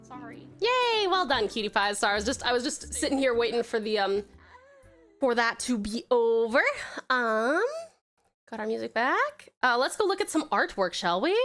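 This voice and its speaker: A woman's voice: a little high, expressive, normal speed, fairly bright tone. An Australian woman from Tasmania streaming and chatting casually while gaming, playful and self-mocking, with the odd swear. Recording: music playing behind. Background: game music.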